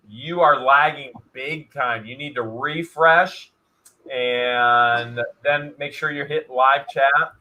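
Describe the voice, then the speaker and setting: A man hosts an online storage auction live stream, addressing chat viewers directly with plenty of energy and some repetition. His medium-pitched voice sounds pushed and bright.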